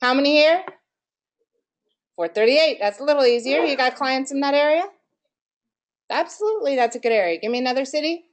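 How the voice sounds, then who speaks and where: A woman's voice: sits high, lively intonation, brisk, long pauses. A woman giving a live marketing workshop in a room with an audience, quizzing listeners and asking them for answers as she goes. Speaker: marketing presenter.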